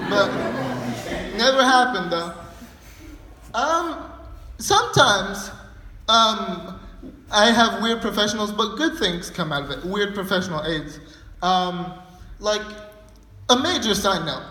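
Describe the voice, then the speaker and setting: A man's voice: sits high, animated, takes it slowly, long pauses, pushed and bright. A young man performing a stand-up comedy set, telling a rambling story full of fillers. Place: live comedy venue. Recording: echoey hall.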